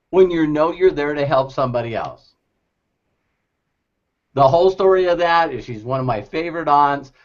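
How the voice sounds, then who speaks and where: A man giving a lively, laughing motivational talk to a group, acting out quoted voices. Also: a little high. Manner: animated, laughing often, acts out quoted voices. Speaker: motivational speaker. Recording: dull lo-fi recording.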